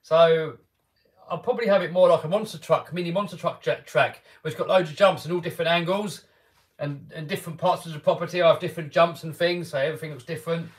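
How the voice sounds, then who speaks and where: English guy chatting on a live stream, bit higher voice, upbeat, lots of uh and I mean. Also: fairly even intonation, fast. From England. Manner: chatty and upbeat, with many restarts and fillers. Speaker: RC car YouTuber hosting a live stream. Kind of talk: casual live-stream chat answering viewers.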